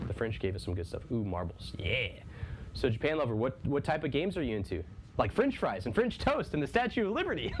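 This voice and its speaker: Chatty man streaming live. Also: lowish voice. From Texas. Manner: chatty, jumps into loud excited bursts. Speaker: livestreamer. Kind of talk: casual livestream chat while painting. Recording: steady background noise.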